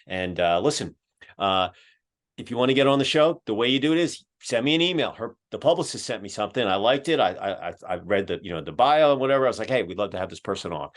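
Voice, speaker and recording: A man's voice: mid-range voice, lively intonation, fast. A man from Philadelphia with a Philadelphia accent, hosting a podcast and talking casually over a video call, rambling with plenty of fillers. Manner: rambling, filler-heavy, folksy. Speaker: podcast host. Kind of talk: casual closing remarks. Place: home in Georgia, on a video call.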